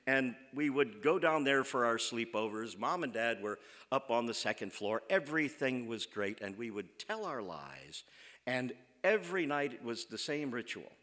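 Man, comic storyteller, lively swooping pitch, very bright tone, long hall reverb. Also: normal speed. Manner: animated, self-mocking, acts out quoted voices.

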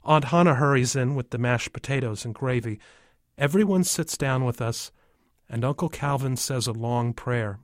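A man's voice: mid-range voice, moderate pace, dry recording, studio quality. Man reading a first-person story. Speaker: audiobook narrator.

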